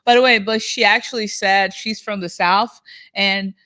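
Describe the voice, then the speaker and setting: A chatty woman co-hosts a casual reaction podcast, often restarting her sentences as she talks. Her pitch is medium and the sound is dry and close, with no room around it. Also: fairly even intonation, moderate pace, pushed and bright, no echo. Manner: chatty, with many restarts and fillers. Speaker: podcast co-host.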